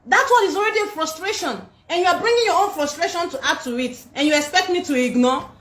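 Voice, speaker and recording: A woman's voice: extremely high pitch, quick pace, few pauses, a bit bright. A Nigerian woman hosting a livestream, scolding and defiant, repeating herself, speaking into a phone. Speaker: livestream host. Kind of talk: livestream rant. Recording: echoey room.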